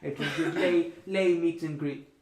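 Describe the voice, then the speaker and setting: A man voicing a prim, courteous female high elf who greets guests at an inn. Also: fairly even intonation, moderate pace, darkish tone, a little hiss or hum, lightly acted. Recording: roomy echo.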